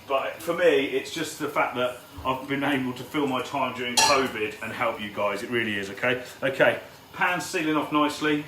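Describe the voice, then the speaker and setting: A man's voice: medium pitch, pushed and bright, slight background noise. Chatty man hosting a live cook-along. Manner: chatty, greets viewers by name while cooking. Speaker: cooking show host. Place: home kitchen. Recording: echoey kitchen with frying sizzle.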